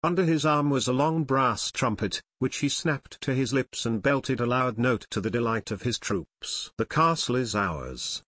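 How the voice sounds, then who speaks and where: A man reading his children's fantasy book aloud with steady storytelling. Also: mid-range voice, moderate pace, hardly any pauses, slightly rough, no echo, clean studio sound. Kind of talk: audiobook narration.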